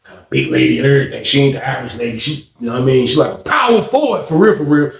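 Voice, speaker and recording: A man telling a prison story in a casual, slangy, animated way. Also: medium pitch, very fast, gravelly, reverberant, distant mic.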